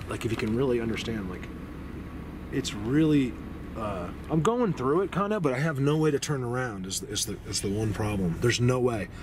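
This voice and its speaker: Excited man vlogging from a snowy car. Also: medium pitch. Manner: excited, rambling, talks to viewers. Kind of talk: casual vlog narration while driving. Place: inside a car on a snowy road. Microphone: handheld camera. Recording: loud car and road noise. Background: engine and road noise.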